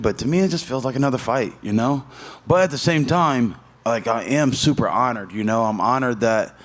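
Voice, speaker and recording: A man who fights professionally, answering questions in a casual interview, telling stories with a lot of swearing and rambling. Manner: profane, rambling storyteller; jumps high in pitch when telling a story. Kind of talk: casual media day interview.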